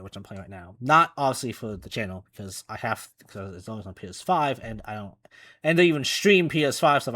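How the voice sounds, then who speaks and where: A man's voice: mid-range voice, fairly bright tone, dry recording. Male gaming reactor, casual and rambling, dry untreated room sound. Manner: rambling, many restarts and "you know".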